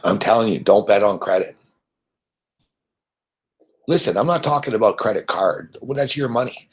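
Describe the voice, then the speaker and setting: A man's voice: on the low side, lively intonation, moderate pace, husky. A man hosting a sports betting show, ranting in a blunt, profane, rambling way about gambling on credit.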